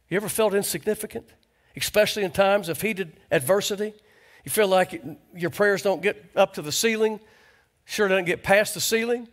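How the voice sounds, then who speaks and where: A pastor preaching a conversational sermon in a church, asking the congregation rhetorical questions. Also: male voice, high voice. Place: church sanctuary.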